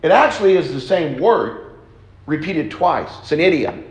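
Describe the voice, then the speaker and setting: Brief: male preacher, high voice, slow and deliberate, echoey church hall. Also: very animated. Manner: slow, deliberate teaching with repeated phrases. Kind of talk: sermon. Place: church auditorium.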